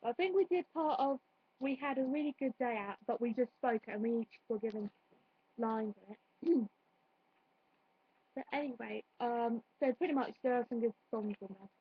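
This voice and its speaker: Young woman, rambling casual chat, husky voice, dry dull recording. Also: fairly high pitch, normal speed, no echo. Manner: rambling, chatty, many fillers and restarts. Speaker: vlogger reviewing a play.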